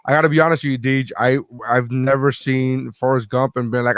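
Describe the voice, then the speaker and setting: A man's voice: mid-range voice, fairly quick, dry recording. A man co-hosting a podcast in casual chat, telling stories loosely with frequent swearing. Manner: loose, profane and animated storytelling. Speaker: podcast co-host.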